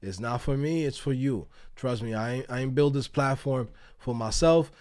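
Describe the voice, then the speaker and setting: A man's voice: medium pitch, normal speed. A man, hosting a casual livestream, telling stories with lots of swearing and laughter. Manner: animated, profane, laughing storyteller. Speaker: livestream host. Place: outdoors.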